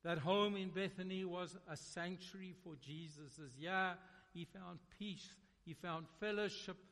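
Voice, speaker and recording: A man preaching a sermon, dramatic, swinging between loud emphasis and hushed, quiet lines. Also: sits high, fairly even intonation, measured pace. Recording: long reverb of a large hall.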